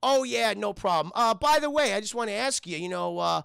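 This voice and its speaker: A man's voice: high voice, expressive, normal speed, creaky, bright, forceful tone, no echo, studio quality, exaggerated voice. A man voicing a teenage boy hero who plays dumb in a breezy, sly way. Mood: playing dumb. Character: fast-talking teenage boy hero, casual and cocky.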